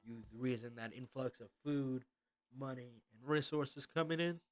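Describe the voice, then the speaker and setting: A man voicing a brash, gruff bandit leader who drawls and bosses his crew around. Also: mid-range voice, normal speed, lightly acted. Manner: drawling and bossy, threatens to slap.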